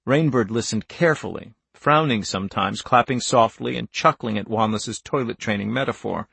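An audiobook is narrated by a man speaking in an even, deliberate manner, his medium-pitched voice gravelly in texture. The close, dry recording has no echo or room sound.

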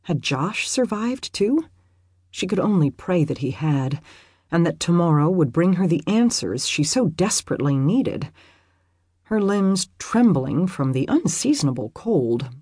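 An audiobook narrator reading a romance novel with expressive, lively storytelling. The voice moves widely in pitch and carries a husky, breathy grain. The sound is dry and close to the mic. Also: unhurried, dry recording.

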